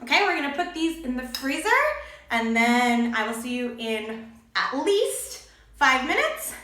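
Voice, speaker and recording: A woman's voice: fairly high pitch, very animated, a little slow, fairly bright tone, echoey room. A young woman hosting a cooking lesson for English learners, bubbly and checking in with her viewers again and again. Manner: bubbly, checks in with "okay?" often. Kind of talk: cheerful teacher-like cooking demo.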